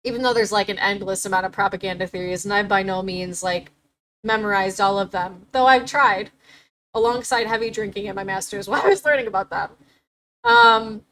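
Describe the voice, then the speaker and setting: A woman's voice: mid-range voice, fairly quick, a bit bright, rough recording. A young adult woman hosting a livestream, talking casually and animatedly, swearing and laughing often. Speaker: livestream host.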